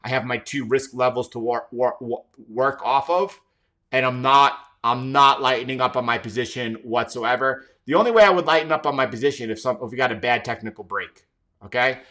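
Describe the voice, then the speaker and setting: This trading-stream host has a mid-range, bright and forceful voice. He delivers live market commentary emphatically, repeating and restarting his words often.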